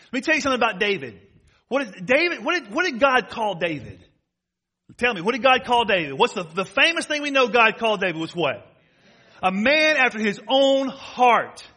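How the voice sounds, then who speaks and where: High bright-voiced middle-aged preacher. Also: male voice, big pitch swings, normal speed, husky. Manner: dynamic preaching, swinging from hushed to loud; quizzes the congregation with questions. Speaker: pastor. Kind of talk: sermon.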